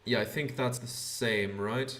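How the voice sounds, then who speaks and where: A man hosts a let's play, reading game text aloud in a mid-pitched voice. He talks casually and stumbles often with hesitant fillers. His voice carries a roomy echo. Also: steady tone, measured pace, fairly bright tone.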